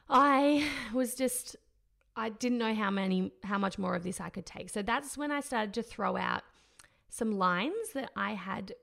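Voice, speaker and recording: A woman's voice: medium pitch, vocal fry, fairly bright tone. A woman, candidly telling her own story, laughing often and rambling with fillers.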